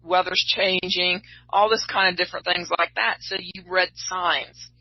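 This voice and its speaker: A woman's voice: on the low side, fairly even intonation, unhurried, no room sound. A middle-aged woman, a tarot reader, chatting casually and telling rambling stories. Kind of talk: casual chat. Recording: dull lo-fi sound.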